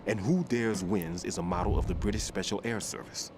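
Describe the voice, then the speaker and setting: An actor playing a veteran male soldier who advises a rookie in measured, low tones. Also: a little mellow. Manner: low measured military advice. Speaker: game character on codec. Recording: game audio with background noise.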